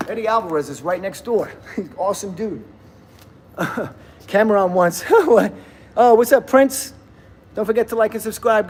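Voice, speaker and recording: A man's voice: sits high, darkish tone. A man in his fifties chatting casually on a livestream from a gym, rambling and laughing often as he greets viewers. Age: 50s.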